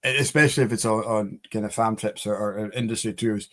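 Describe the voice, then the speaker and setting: A man's voice: lowish voice, steady tone, quick pace. Rambling man hosting a chat. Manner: rambling, many fillers and restarts. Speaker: podcast host. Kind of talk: casual chat.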